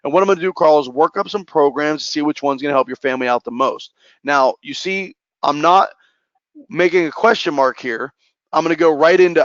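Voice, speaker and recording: A man running a sales training session and role-playing calls, talking in a quick, energetic way. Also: a little high, no room sound. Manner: energetic, fast-talking, caffeinated. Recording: muffled lo-fi dry recording.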